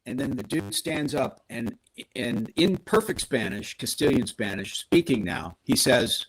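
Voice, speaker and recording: A man's voice: mid-range voice, expressive, unhurried, breathy edge, rough recording. A man on a podcast, casually retelling a story with animation and acting out the quoted lines. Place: podcast studio.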